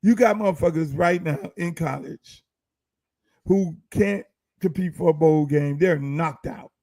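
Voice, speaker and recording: A man with a high, gravelly voice hosts his podcast and rants hard, full of swearing and one rhetorical question after another. His tone is dark and mellow, and the recording sounds dry and close. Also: unhurried, no room sound. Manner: profane, heated, rhetorical. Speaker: podcast host. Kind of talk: casual ranting commentary.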